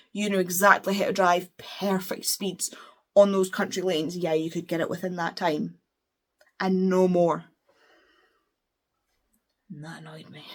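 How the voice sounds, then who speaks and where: A young Scottish woman with a Scottish accent, chatting casually as a book vlogger and ranting in an animated, exasperated way. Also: mid-range voice. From Scotland. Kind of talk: casual chat.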